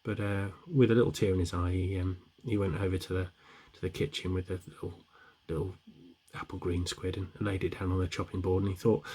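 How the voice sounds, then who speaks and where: A man's voice: deep voice, little pitch movement, brisk, hardly any pauses, dark tone, slightly rough. A middle-aged man telling long shaggy-dog jokes in a rambling way, with many restarts. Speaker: joke teller.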